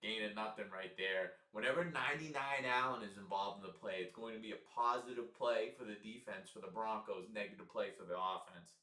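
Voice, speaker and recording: A young man does casual live play-by-play for his stream, his bright, forceful voice bouncing around an echoey room. He grows more frustrated as he goes, swearing freely and breaking into loud outbursts. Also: lowish voice, a little fast, hardly any pauses, distant mic. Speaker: livestream commentator. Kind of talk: casual live game commentary.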